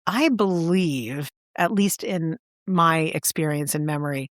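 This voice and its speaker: A woman co-hosting a podcast, chatting and telling stories with animated impressions. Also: deep voice, a little slow, no echo, studio quality. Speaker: podcast co-host. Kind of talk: casual chat.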